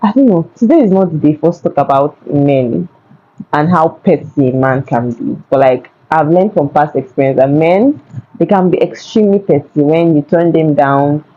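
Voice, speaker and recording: A young woman with a Nigerian accent telling a casual storytime to camera, chatty and animated. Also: low-pitched, moderate pace, highs cut off. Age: young adult. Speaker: vlogger. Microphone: phone.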